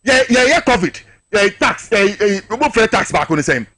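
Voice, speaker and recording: A man's voice: high-pitched, lively intonation, moderate pace, a bit bright, no room sound, clean studio sound. A man with a Ghanaian accent, a political guest on a talk show, arguing with passion and hammering rhetorical questions.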